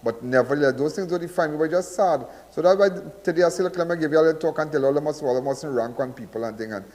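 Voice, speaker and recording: A man's voice: on the high side, rapid-fire, a little mellow, long reverb tail. A Trinidadian man hosting a live call-in crime show, talking in a rambling, repetitive, preachy way. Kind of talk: live call-in radio talk.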